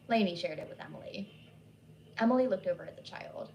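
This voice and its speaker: A woman reads a scary story aloud in a steady, measured voice of medium pitch. Quiet music plays faintly beneath her. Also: creaky, low-quality recording. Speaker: horror story narrator. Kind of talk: scripted narration.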